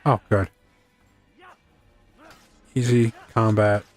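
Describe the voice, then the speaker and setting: A man's voice: fairly low pitch, level tone, very slow, faint music behind. A man casually commenting as he plays a video game, rambling and cracking self-deprecating quips. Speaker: gaming video host.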